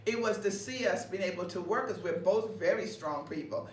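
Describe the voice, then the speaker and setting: Woman pastor, broadcast co-host, lively storyteller; roomy sound with faint noise. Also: medium pitch, normal speed. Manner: lively storytelling, laughs often, repeats words. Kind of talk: conversational ministry broadcast. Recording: roomy, distant mic with faint background noise.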